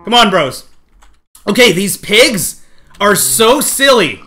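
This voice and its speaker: A man streaming a game live, talking excitedly to his chat and coaxing the animals along, often shouting and laughing. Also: high-pitched, takes it slowly. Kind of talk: excited live gameplay commentary.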